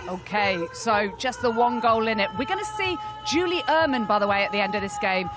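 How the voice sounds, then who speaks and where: A woman's voice: a little high, animated, brisk, music in the background, crowd noise. A woman presenting a live sports broadcast in a chatty, teasing way, handing over to pundits. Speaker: studio presenter.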